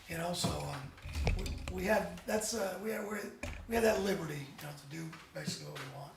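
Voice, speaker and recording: A man, a band member guest, chatting casually in an interview as an animated, rambling storyteller with many restarts. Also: high-pitched, fairly quick, creaky, a little hiss or hum. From United States. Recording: roomy echo, distant mic.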